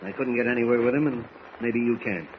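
An actor in a 1940s radio drama playing a blustering, hot-tempered newspaper editor who sputters and shouts colorful exclamations. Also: male voice, mid-range voice, fast, lightly acted. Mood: worked up. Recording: dull old radio recording with faint hiss.

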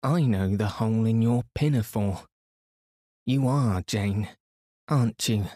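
A man voicing an excited, eager young boy who exclaims in a bedtime storybook reading. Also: lowish voice, unhurried, no echo, clean studio sound.

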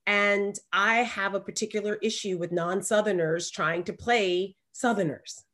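A woman from Alabama with a Southern accent, co-hosting a podcast in animated, emphatic casual chat. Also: mid-range voice, unhurried. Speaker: podcast co-host.

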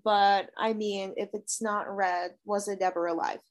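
A young woman co-hosting a podcast in casual chat, quick-witted and jokey. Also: medium pitch, flat delivery. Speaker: podcast co-host.

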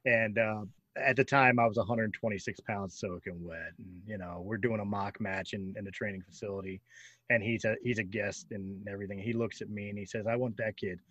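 A man's voice: fairly low pitch, steady tone, fairly quick, fairly bright tone, no room sound, highs cut off. A man, a former wrestler, interviewing and swapping blunt, profane stories in casual conversation.

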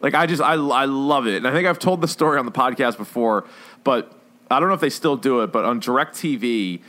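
A man in his late thirties co-hosting a podcast, animated and excitable, swearing freely in casual chat. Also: medium pitch, brisk. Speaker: podcast co-host.

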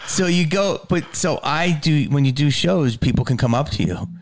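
A middle-aged man chatting casually on a podcast, telling animated, profane stories and dropping his voice low for asides. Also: normal speed. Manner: swearing, animated storyteller who drops low for asides. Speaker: guest comedian.

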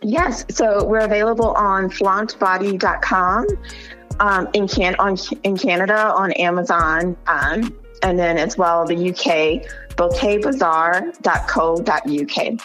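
A woman guest talks slowly in a casual podcast chat, giggling between thoughts. Her pitch is mid-range, with faint music behind her. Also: fairly bright tone, rough recording. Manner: unhurried, giggly. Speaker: guest, business owner.

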